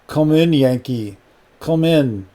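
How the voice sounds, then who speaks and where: A man's voice: medium pitch, moderate pace, dark tone, lightly acted. A man putting on a sultry Russian dancer. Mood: flirtatious. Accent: Russian (put on). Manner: sultry, coaxing. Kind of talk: audiobook character reading.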